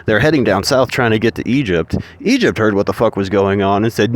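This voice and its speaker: A man's voice: fairly low pitch, fairly quick, few pauses. A man telling a story in a casual, profane and rambling way, full of swearing and asides.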